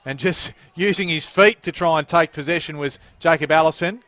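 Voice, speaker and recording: A man's voice: fairly high pitch, a bit bright, dry recording. An Australian man doing play-by-play football commentary through a headset, lifting his voice on the action calls. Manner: lifts and quickens on the action calls. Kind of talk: sports commentary.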